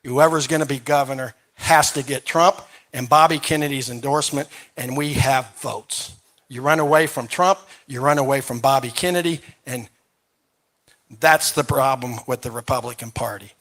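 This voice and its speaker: Debate candidate, mid-pitched man, insistent and repetitive. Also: fairly even intonation, moderate pace, a bit bright. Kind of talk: campaign debate answer.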